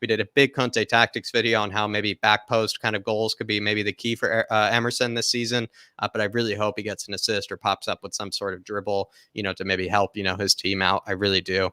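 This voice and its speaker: A man's voice: on the low side, little pitch movement, brisk, sharp tone, smooth, no echo, studio quality. A man hosting a football live stream, reading viewer comments and rambling casually with fillers and laughs. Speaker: football channel host.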